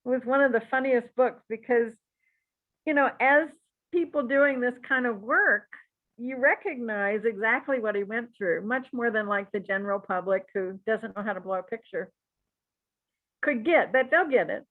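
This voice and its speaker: A woman teaching a psychic class in a relaxed, chatty and encouraging way, with frequent asides. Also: on the high side, moderate pace. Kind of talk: relaxed spoken class talk. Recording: tinny phone-like audio.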